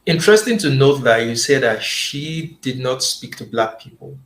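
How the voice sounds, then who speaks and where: A man hosts an interview, posing measured, probing questions. His voice sits in a mid range and carries a roomy echo. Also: mid-range voice, expressive, a bit bright.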